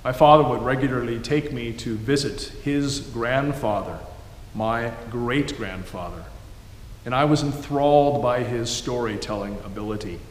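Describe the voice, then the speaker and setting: A man delivering a sermon in a measured storytelling manner. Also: mid-range voice. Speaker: preacher. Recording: echoey hall, faint background noise.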